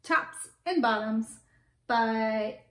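Woman, children's book read-aloud, gentle, asks questions, high voice, echoey room, faint background noise. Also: extremely slow. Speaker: storyteller reading to children.

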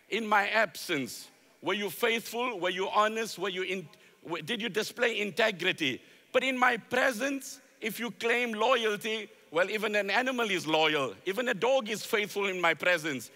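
Male preacher, emphatic sermon delivery, bright tone, long hall reverb. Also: high voice. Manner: emphatic, repeats key phrases, quotes Arabic and Urdu verses. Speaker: Islamic preacher. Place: large convention hall.

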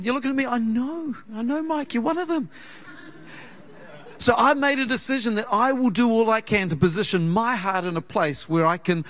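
A man with a New Zealand accent preaching a sermon in a church, telling a personal story with earnest, conversational warmth and acting out the voices in it. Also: high-pitched. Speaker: pastor. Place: church auditorium.

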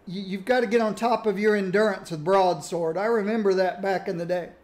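A man casually reminiscing about old games while he plays, musing aloud in a relaxed way. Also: sits high, fairly quick. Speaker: gaming streamer. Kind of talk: casual commentary while playing.

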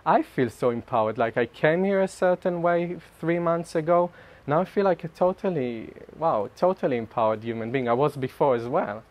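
A man giving a personal spiritual talk to a group, animated and self-mocking, often laughing mid-sentence. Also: fairly high pitch, normal speed, hardly any pauses. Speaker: speaker sharing at a group retreat.

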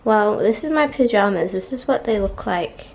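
A young woman vlogger chats casually to camera from her bedroom at home, gushing and animated, sometimes slipping into baby talk with her pets. Her mid-range voice has vocal fry and a darkish tone, moving at normal speed. Slight background noise is present.

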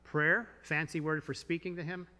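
Male pastor, bright and slightly high, conversational sermon delivery, long church reverb. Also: little pitch movement, moderate pace. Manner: conversational preaching with rhetorical questions. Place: church sanctuary.

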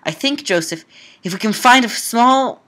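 A woman's voice: on the high side, lively intonation, moderate pace, bright, forceful tone, pitched above the performer's own voice. A woman reading the lines of a frightened young heroine in a Gothic tale, with anguished exclamations. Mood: distressed.

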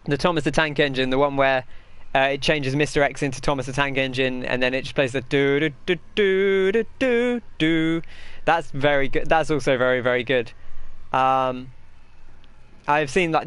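A man's voice: mid-range voice, a bit bright, clean tone, dry recording. A man giving chatty, rambling gameplay commentary and answering his chat as he plays. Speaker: gaming host.

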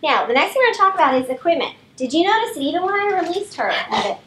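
High-voiced woman trainer, heard from off the mic. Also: very fast, distant mic, a little hiss or hum, low-quality recording. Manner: calm, firm commands to dogs mixed with explanation. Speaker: dog trainer. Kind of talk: live training demonstration.

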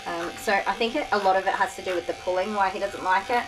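Tired groomer chatting over clippers. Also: female voice, mid-range voice, fast, noisy background. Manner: chatty, soothing the dog between asides. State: tired, sore back. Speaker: dog groomer. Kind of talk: casual vlog while grooming. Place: grooming room. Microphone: camera on a tripod. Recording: clippers buzzing behind.

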